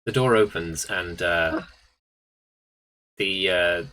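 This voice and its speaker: A man's voice: sits low, slow, pushed and bright, a little hiss or hum, poor audio. A man running a tabletop game, rambling through his narration with lots of fillers and restarts. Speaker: game master.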